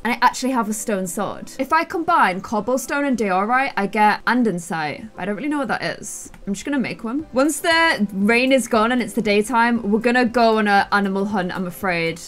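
A woman with an Irish accent giving excitable commentary on her own gameplay, gasping and squealing at surprises. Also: fairly high pitch. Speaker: gaming channel host. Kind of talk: Let's Play commentary.

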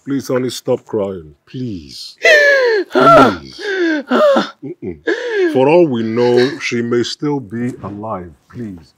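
A devout Nigerian husband gently pleading with his grieving wife in a film drama. His mid-pitched voice rises and falls a lot as he coaxes and reassures. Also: huge pitch swings, very slow, husky, heavily acted.

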